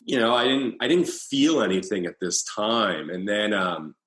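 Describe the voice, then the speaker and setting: A man in his thirties, an interview guest, telling a personal story in a halting way with frequent restarts. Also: on the low side, lively intonation, fairly bright tone. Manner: halting, with many restarts and fillers. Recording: roomy echo.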